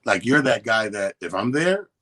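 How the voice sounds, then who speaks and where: A man's voice: lowish voice, sing-song, moderate pace, a bit bright. A man co-hosting a radio show, telling a long, profane story in casual chat and acting out both sides of the quotes. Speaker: radio co-host. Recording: radio studio.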